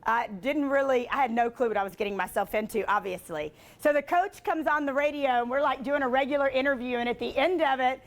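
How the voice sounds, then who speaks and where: A woman with a high voice speaks in a lively, chatty way, dropping in "like" often as she tells stories. She pokes fun at herself while driving home a motivational point. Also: quick pace, few pauses. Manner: chatty, filler-heavy with frequent "like"; self-deprecating humor. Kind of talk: storytelling motivational talk.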